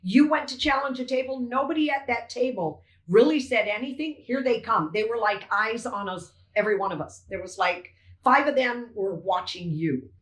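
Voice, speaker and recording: Recorded in an echoey space, this older woman's voice is a little high and fairly bright, animated but at a normal speed. As a poll challenger, she delivers an emotional, indignant witness statement, acting out events as dialogue.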